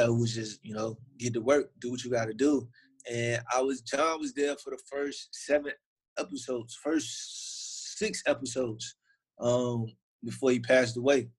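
A man's voice: medium pitch, slightly rough, low-quality recording. A young man from Virginia with a Southern accent, an actor telling stories in a casual interview, loose and slangy with lots of fillers.

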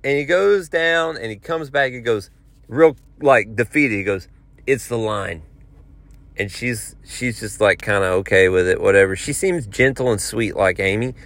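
A man telling a long story in a casual, rambling, animated way. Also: medium pitch, normal speed, dry recording. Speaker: podcast host.

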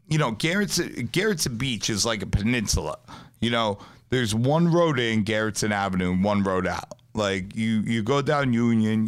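A man's voice: fairly low pitch, clean tone. Profane New York man telling stories. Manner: profane, animated storytelling. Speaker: podcast host, pizzeria owner. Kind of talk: casual storytelling chat.

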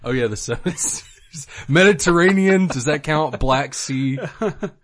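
A man's voice: a little high, measured pace, fairly bright tone. A young man from Florida, co-hosting a podcast in casual chat, rambling with laughs and crude asides. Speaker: podcast co-host.

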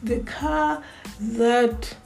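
A woman's voice: on the high side, extremely slow, vocal fry, a little mellow, faint music behind, rough recording. A woman giving casual fan commentary on a vlog, chatty, repeating words as she talks things over. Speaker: Formula One fan vlogger.

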